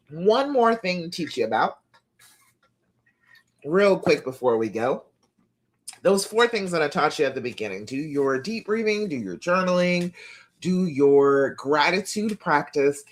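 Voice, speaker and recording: Lively-voiced woman coaching live. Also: lowish voice. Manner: encouraging, direct, checks in with "okay?"; reads affirmations aloud slowly. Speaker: love coach. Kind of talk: live-streamed coaching talk.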